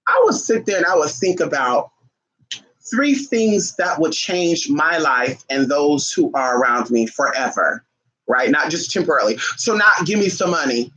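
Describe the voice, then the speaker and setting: A man giving spiritual advice on a casual livestream, blunt, profane and animated as he acts out his viewers' questions. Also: fairly high pitch, unhurried, poor audio.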